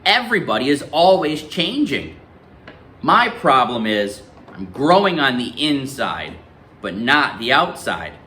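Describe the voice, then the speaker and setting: A man voicing a small, clever boy who talks in a calm, knowing way during a read-aloud. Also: mid-range voice, a little slow, a little hiss or hum. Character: small, bright, matter-of-fact boy.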